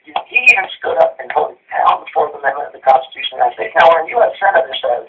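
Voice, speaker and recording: A man's voice: on the high side, very fast, noisy background. A middle-aged man, a retired colonel running for the Senate, talking in a fired-up rush with frequent restarts in a political interview. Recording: muffled phone line, distant from mic.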